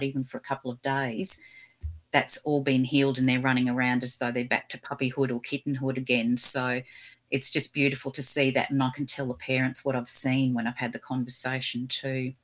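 A woman from Australia, a guest in an interview, telling gentle, animated stories about talking with animals. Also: rumbling low, a little fast. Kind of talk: casual interview storytelling.

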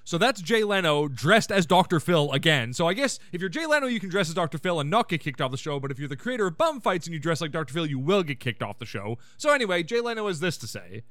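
High pitched guy doing a snarky episode recap, jumpy tone, all over the place. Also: sing-song, fast, few pauses, a bit bright, no room sound. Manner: irreverent, ranting, sarcastic asides. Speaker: podcast host.

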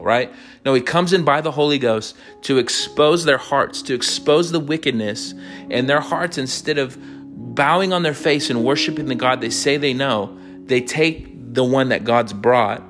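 A man's voice: mid-range voice, moderate pace, a bit bright, soft background music. A man hosting a podcast Bible study, teaching in an emphatic, conversational way and often asking "right?".

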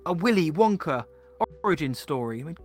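A man co-hosting a casual chat, opinionated and chatty with quick asides. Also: on the high side, sing-song, soft background music. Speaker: podcast co-host.

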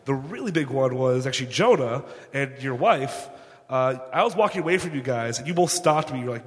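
A man in the audience at a live show, thanking the hosts quickly and eagerly, a bit nervous. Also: medium pitch, animated. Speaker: audience member asking a question. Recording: reverberant theater.

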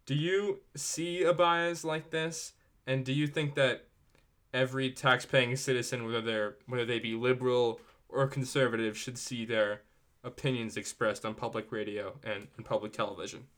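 A man's voice: mid-range voice, steady tone, normal speed, a bit bright. Stammering man posing a touchy question. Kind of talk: casual panel discussion.

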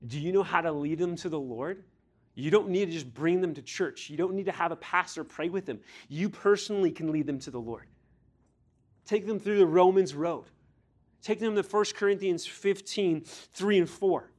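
A youth pastor whose voice sits high preaches at a moderate pace. He's earnest and direct, hitting listeners with blunt questions and now and again performing the voices in scripture.

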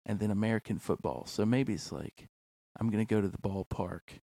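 A man's voice: lowish voice, a little fast, mellow, dry recording. A man hosting a podcast in casual, playful chat, full of fillers. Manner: chatty, playful, many fillers like "like". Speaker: podcast host.

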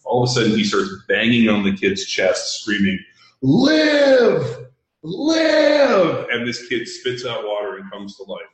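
A man's voice: fairly low pitch, fairly even intonation, a little fast, hardly any pauses, fairly bright tone. A man telling a story in casual chat, blunt and heavy with profanity. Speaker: podcast host. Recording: very echoey room.

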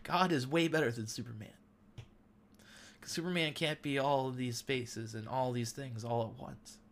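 A man's voice: medium pitch, normal speed. A man in his thirties hosting a devotional talk, sharing an earnest, emotional testimony. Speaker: podcast host.

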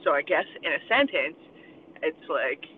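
A man's voice: fairly high pitch, big pitch swings, normal speed. A man rambling in casual crude chat with friends, swearing and laughing a lot. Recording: tinny phone-like sound, faint noise.

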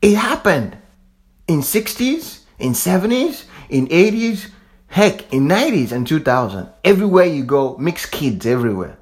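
A man's voice: fairly high pitch, big pitch swings, normal speed. A man from Africa giving a fervent, repetitive monologue, swearing casually as he preaches. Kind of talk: impassioned monologue.

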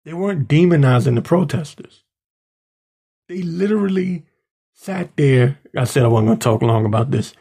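Ranting with anger and indignation, a podcast host based in the Washington DC area mocks those he talks about. He sounds high-pitched, expressive, gravelly, warm and husky, speaking at a normal speed.

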